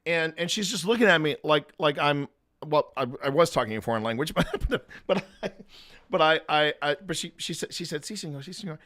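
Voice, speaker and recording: A man's voice: a little high, animated, normal speed, sharp tone. A man co-hosting a live-streamed podcast, telling a long story in a rambling way with restarts and laughter. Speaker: podcast co-host.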